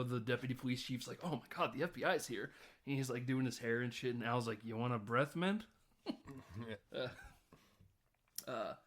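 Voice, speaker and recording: A man recapping a film in a casual podcast, rambling and laughing often. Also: mid-range voice. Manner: rambling, chuckling, lots of fillers. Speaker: podcast host.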